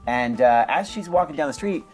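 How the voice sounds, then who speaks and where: A man's voice: on the high side, expressive, fairly quick, darkish tone, soft background music. A young man co-hosting a casual podcast, recapping a book in a rambling way with crude jokes. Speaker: podcast co-host.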